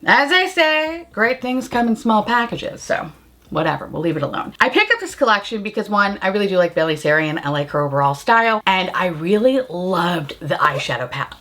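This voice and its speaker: A bubbly woman beauty vlogger talks through a makeup collection in a loose, casual way, swearing freely and breaking into giggles. Her pitch swings widely and expressively as she goes. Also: very animated, brisk, a bit bright. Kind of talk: casual makeup review vlog.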